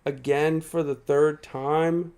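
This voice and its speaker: A man's voice: on the high side, steady tone, slow, darkish tone. A tired male streamer giving casual live gameplay commentary, chatting with viewers and laughing often. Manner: chatty, reads and answers viewer chat, frequent laughs.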